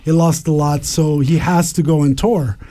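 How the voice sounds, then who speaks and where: Guy rambling on a radio show, warm mellow tone, keeps repeating himself. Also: a little high, steady tone, moderate pace, dry recording. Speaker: guest. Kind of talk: casual radio chat.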